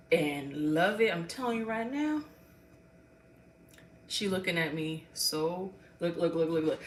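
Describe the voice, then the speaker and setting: A woman's voice: on the low side, recorded from a distance. Chatty older woman in an echoey room. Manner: chatty, talks straight to viewers. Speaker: livestream host. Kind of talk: casual livestream chat. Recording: echoey room, voice off-mic, faint noise.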